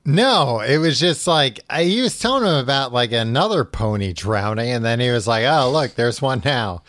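A man's voice: mid-range voice, animated, normal speed, a bit bright, no room sound, clean studio sound. A man hosting a podcast, casually retelling a story in a loose, rambling way full of asides. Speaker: podcast host retelling a book. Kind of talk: casual chat, paraphrasing the story.

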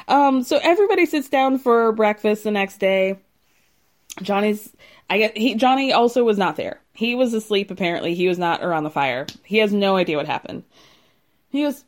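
A woman's voice: medium pitch, animated, normal speed. A young woman casually recapping a reality show in a chatty, gossipy way, often laughing and acting out what people said.

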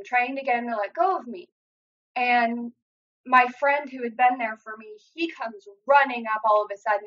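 A woman's voice: on the high side, pushed and bright. A young woman earnestly telling a personal story in a casual way, with many "like" fillers. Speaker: guest sharing her story. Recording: dull lo-fi audio.

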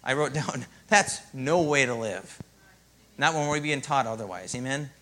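A man preaching a sermon as pastor, in a lively, conversational way and often asking "Amen?". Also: medium pitch, normal speed.

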